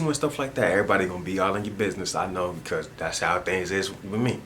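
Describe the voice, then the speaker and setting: Low-voiced man musing in street slang. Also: quick pace, pushed and bright, slight background noise. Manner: rambling, repetitive slang-heavy street talk. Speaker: vlogger. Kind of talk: casual spoken monologue. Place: at home indoors.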